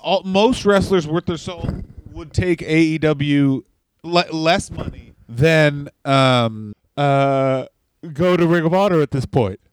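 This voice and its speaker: Male co-host comic, slightly high, smooth clear voice, deadpan and crude. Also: slow, dry recording. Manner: deadpan jokes, profane. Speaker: podcast co-host, stand-up comedian. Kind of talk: casual comedic podcast chat.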